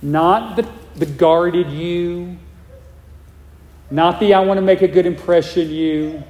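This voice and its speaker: High-pitched guy preaching in a church, keeps asking "all right?", big echoey hall. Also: slow, darkish tone. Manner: emphatic, repeats points, checks in with "all right?". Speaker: pastor. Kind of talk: sermon. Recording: long reverb of a large hall.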